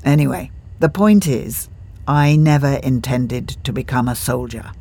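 Narrator doing a reserved british officer, clipped polite talk, husky. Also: medium pitch, a little slow, darkish tone. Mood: reflective.

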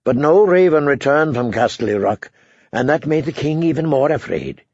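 A man with a gravelly voice narrating an audiobook in an even, measured reading. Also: fairly high pitch, no echo. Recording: dull dry lo-fi recording.

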